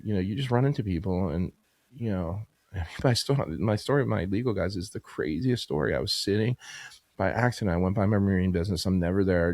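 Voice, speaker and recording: Fast, gravelly-voiced man in his fifties. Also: sits low, darkish tone, no echo. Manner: rambling, filler-heavy, \"you know\" and \"like\". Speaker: podcast guest, business owner. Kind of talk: casual storytelling interview.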